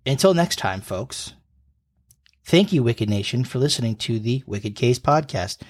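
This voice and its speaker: A man's voice: medium pitch, expressive, unhurried. Rambling man in his thirties co-hosting. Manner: rambling storyteller, chuckles often. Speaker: podcast co-host. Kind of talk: casual podcast chat. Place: home room.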